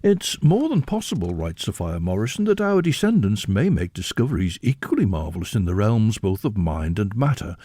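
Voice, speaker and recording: A man presenting on the radio and reading a story aloud in a measured, expressive way. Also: on the low side, no room sound. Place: radio studio.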